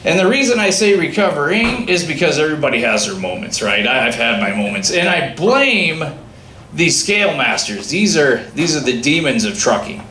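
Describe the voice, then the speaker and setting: A man doing a stand-up comedy set, telling a story with lively acted-out dialogue. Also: a little high, normal speed. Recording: echoey room with faint ambient noise.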